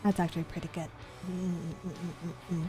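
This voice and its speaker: A woman's voice: fairly low pitch, flat delivery, slow pace, music in the background. A woman streamer chatting casually and reading viewer comments, playful, giggly and self-mocking.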